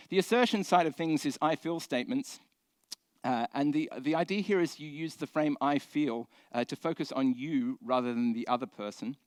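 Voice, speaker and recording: A man's voice: medium pitch, dry recording. A man giving a conference talk from a stage, speaking conversationally with many fillers and restarts.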